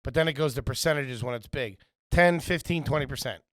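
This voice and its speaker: A man co-hosting a casual comedy chat, cracking jokes, swearing and firing off quick questions. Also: mid-range voice, dry recording, clean studio sound. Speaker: podcast co-host.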